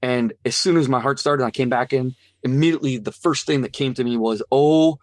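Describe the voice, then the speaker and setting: A man who is an interview guest, telling a personal testimony in an earnest, animated way and acting out what others said. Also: medium pitch, a little fast, no room sound, studio quality. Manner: earnest, animated, acts out quoted voices.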